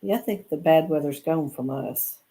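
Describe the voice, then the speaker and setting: A woman's voice: deep voice, moderate pace, mellow, rough recording. Plainspoken older woman. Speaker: co-host. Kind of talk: casual live stream chat.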